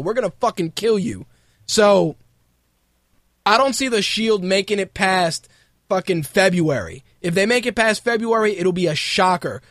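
A man's voice: high-pitched, dry recording, clean studio sound. A man hosting a podcast, ranting casually and mockingly with plenty of swearing. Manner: profane, mocking rants, animated. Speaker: podcast host. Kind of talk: casual wrestling commentary.

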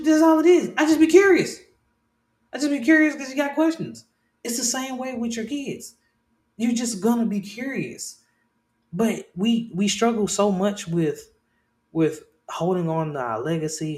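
Fired-up cursing man in an echoey room. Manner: swears freely, restarts and repeats phrases; swings between low murmurs and loud excited bursts. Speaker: podcast host. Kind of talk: casual opinion talk.

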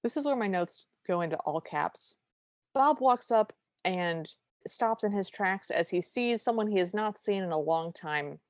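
A woman's voice: mid-range voice, animated, unhurried, no room sound. A woman co-hosting a podcast, recapping a film in casual chat with wry, exasperated storytelling into a close mic. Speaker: podcast co-host.

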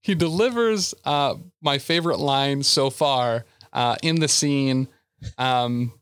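A man's voice: medium pitch, slow pace, fairly bright tone, clean tone, no room sound. Dry-sounding man recapping, podcast host. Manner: loose recap, many ums and uhs. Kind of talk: casual chat, recapping an episode.

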